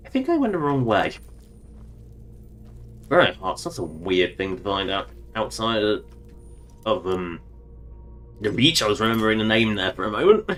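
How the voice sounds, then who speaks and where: A man's voice: fairly low pitch, very animated, normal speed, pauses often, fairly bright tone, faint music behind. A man streaming a video game, rambling and joking to himself in casual commentary.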